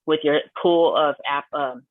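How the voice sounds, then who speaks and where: A man's voice: fairly high pitch, fairly even intonation, measured pace, no echo. Man praising students over a tinny call. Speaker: faculty member giving closing remarks. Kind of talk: congratulatory remarks on a video call. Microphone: video call. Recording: dry tinny call audio.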